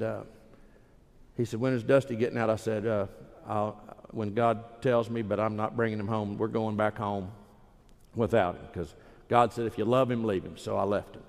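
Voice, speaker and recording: A man's voice: fairly low pitch, little pitch movement, normal speed, a little mellow. A man preaching a sermon in a folksy, emphatic storytelling manner. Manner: folksy, emphatic, acts out quoted voices. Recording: reverberant hall.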